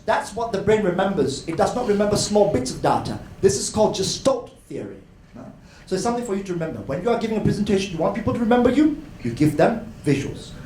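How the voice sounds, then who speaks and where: High-voiced man lecturing in echoey hall. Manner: animated, addresses crowd as ladies and gentlemen. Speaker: conference speaker. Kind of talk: educational talk to an audience. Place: hotel conference hall. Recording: echoey hall, faint noise.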